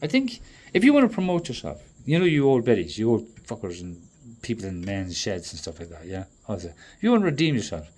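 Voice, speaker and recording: A man in a profane, rambling monologue that swings between loud outbursts and low muttering. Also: wildly swooping pitch, quick pace, few pauses. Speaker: traveling performer.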